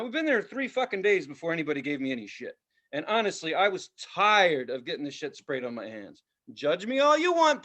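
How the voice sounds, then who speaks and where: A man co-hosting a podcast in casual chat, telling profane, animated stories and mimicking voices. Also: sits high. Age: adult with a child. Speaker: podcast co-host.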